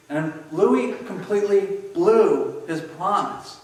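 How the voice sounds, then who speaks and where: A male pastor with a fairly high voice preaches in animated storytelling style and acts out the scenes he describes. He is heard from a distance, in a church sanctuary full of echo. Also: normal speed. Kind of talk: sermon. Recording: echoey church hall from far off.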